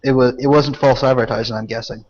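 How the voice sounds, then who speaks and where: A man's voice: medium pitch, steady tone, fast talker, lo-fi sound. A man in a casual chat, teasing and egging others on and repeating himself.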